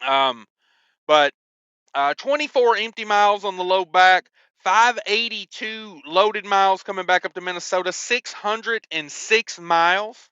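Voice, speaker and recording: Man, trucker vlogger, chatty, joking, crisp dry voice. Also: high voice, a little slow, pushed and bright, dry recording, dull audio. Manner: chatty, joking, lots of ums and asides. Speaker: owner-operator trucker. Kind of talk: casual vlog storytelling.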